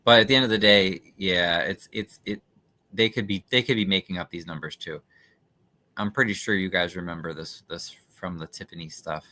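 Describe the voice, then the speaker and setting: A man's voice: low-pitched, moderate pace, bright, forceful tone. A man hosting a casual livestream, commenting skeptically and chattily on documents he reads aloud, with frequent fillers. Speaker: livestream host.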